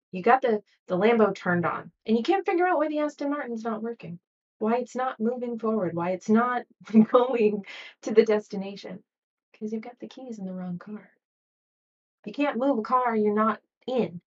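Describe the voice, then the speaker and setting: A woman hosting a motivational podcast, talking gently and coaching her listeners, sometimes acting out anxious inner voices. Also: on the high side, recorded from a distance, lo-fi sound. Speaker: podcast host. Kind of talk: motivational solo podcast talk.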